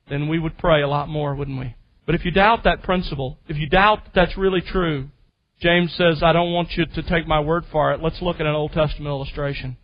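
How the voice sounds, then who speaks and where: A man preaching a teaching sermon, emphatic and teacherly, slowing down to stress key phrases. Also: high-pitched, muffled recording. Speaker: pastor. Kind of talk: expository sermon.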